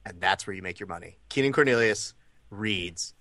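A man's voice: on the low side, moderate pace, sharp tone, dry recording, studio quality. A man co-hosting a podcast in casual chat, joking and swearing freely. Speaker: podcast co-host.

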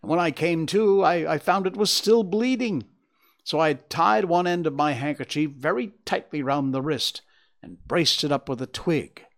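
A man's voice: a little high, moderate pace, voice pushed up, lightly acted. A man voicing a shaken, wounded young engineer in a storybook reading, talking in agitated, breathless bursts. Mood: weary.

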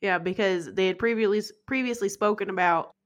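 A woman co-hosting a casual movie podcast, calmly summarizing the plot in an easygoing way. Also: medium pitch, a little fast. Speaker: podcast co-host. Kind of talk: casual movie recap chat.

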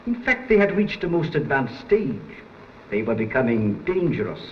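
Actor as grave elderly professor, faint German accent, lively warning pitch, muffled 1930s film audio with hiss. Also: male voice, moderate pace, close to an everyday voice. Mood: earnest. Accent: light German. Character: elderly male university professor, grave and cautionary.

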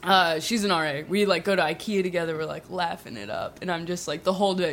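A woman with a lowish voice and fairly quick pace tells a funny personal story to a small group, with a little hiss or hum in the audio. As the guest storyteller, she giggles a lot, says "like" constantly, and throws in lively asides.

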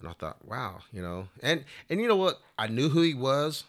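A man's voice: mid-range voice, very animated, normal speed, a bit bright. A man telling a long story in casual interview talk, rambling along with plenty of "you know" fillers. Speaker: flute player telling a story.

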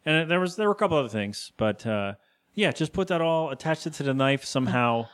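A man's voice: a little high, expressive, smooth. Rambling male podcast host. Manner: rambling, acts out character lines in quick voices. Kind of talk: casual episode recap.

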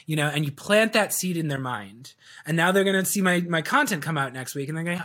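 A man's voice: fairly high pitch, animated, brisk, fairly bright tone. A man telling stories in a casual podcast interview, playfully acting out quoted dialogue and chuckling as he talks. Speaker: sales video coach, guest.

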